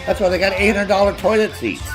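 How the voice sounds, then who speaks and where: A man telling profane, loud stories as a streamer, mocking others in high voices. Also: big pitch swings, fast talker, over music. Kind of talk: profane casual storytelling.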